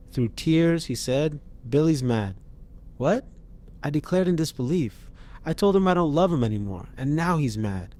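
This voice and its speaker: A man's voice: on the high side, dark tone. A man narrating a first-person horror story in a tense, dramatic reading.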